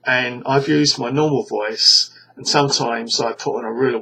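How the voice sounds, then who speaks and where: British guy vlogging, bright forceful tone, keeps restarting his sentences, fed up and scornful. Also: medium pitch, fairly even intonation, normal speed, hardly any pauses, rough recording. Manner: rambling, with frequent stammered restarts; scornful, exasperated. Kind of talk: casual ranting monologue to camera.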